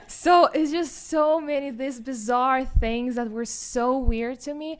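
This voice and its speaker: A young woman with a Ukrainian accent tells her own story at a forum, halting and self-deprecating, with many restarts. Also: high voice, fairly even intonation. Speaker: guest speaker, student.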